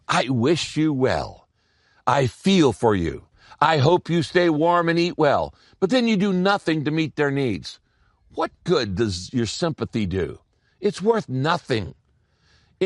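A man preaching a sermon as a pastor, teaching from scripture with an expressive, swinging delivery and sudden bursts of speed. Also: medium pitch, no room sound, clean studio sound.

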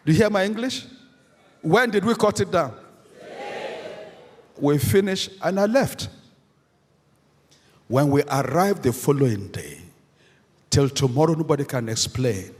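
A man's voice: fairly high pitch, slightly rough. A man preaching a sermon as a pastor, emphatic, repeating key phrases and asking the congregation questions. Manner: emphatic preaching with repetition and call-and-response questions. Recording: echoey hall, long reverb.

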